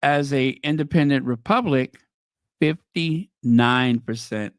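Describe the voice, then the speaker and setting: A man who talks slowly and deliberately, reading out headlines and then weighing in with casual, opinionated remarks. His voice sits at an ordinary middle pitch. The recording is dry and close, with no room sound. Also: lively intonation, dry recording. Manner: reads headlines aloud then reacts with opinionated asides. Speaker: commentary channel host. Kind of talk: casual commentary on news headlines.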